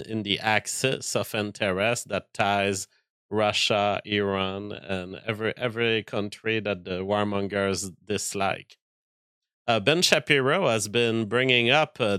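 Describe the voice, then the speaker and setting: Fast bright-voiced man commenting. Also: lowish voice, clean tone, dry recording. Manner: fast, filler-heavy, halting restarts. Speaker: streamer reading chat. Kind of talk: casual political commentary.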